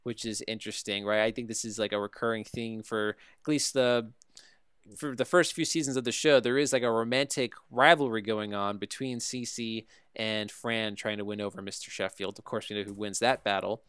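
Smooth-voiced man hosting a casual TV recap. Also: fairly low pitch, steady tone, moderate pace, a bit bright, no echo, clean studio sound. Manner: conversational, often seeks agreement with "right?". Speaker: podcast host recapping a TV show. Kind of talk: casual review chat.

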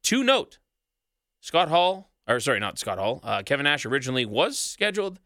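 Male podcast co-host, bright forceful voice, dry close sound, swears casually. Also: medium pitch, big pitch swings, brisk, dry recording. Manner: profane, rattles off long lists.

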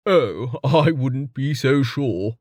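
Man voicing a wise calm man, slow measured speech, dry close recording. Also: mid-range voice, dry recording. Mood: wry.

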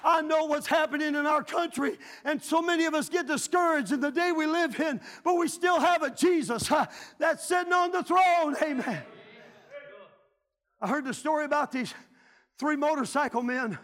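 A middle-aged male pastor, preaching a revival sermon fervently, often shouting. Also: extremely high pitch, moderate pace. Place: church sanctuary.

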